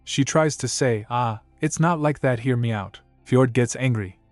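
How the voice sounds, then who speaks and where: A man's voice: medium pitch, a little slow, dry recording, soft background music. A man narrating a comic story recap, reading all the characters' lines in his own narrating voice. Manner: reads every character's lines in the same narrating voice. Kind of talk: scripted narration.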